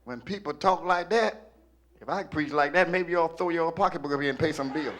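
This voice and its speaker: Male pastor, high voice, rhythmic preaching from hush to shout. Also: fairly quick, noisy background. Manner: rhythmic preaching that swings from low murmurs to shouting. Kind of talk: sermon.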